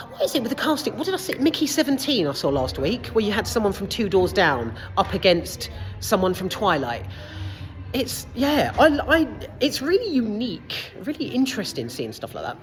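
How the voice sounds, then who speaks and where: A woman giving a casual, rambling film review in a cinema foyer, full of side notes and the odd swear word. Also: medium pitch.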